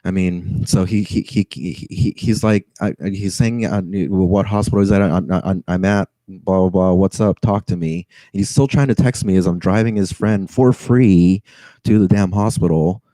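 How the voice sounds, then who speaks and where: A man on edge vents a long grievance, sighing, stammering and swearing. His voice sits low and very dark. The sound is close and dry. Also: steady tone, normal speed, dry recording, low-quality recording. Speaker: rideshare driver. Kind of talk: venting story to camera.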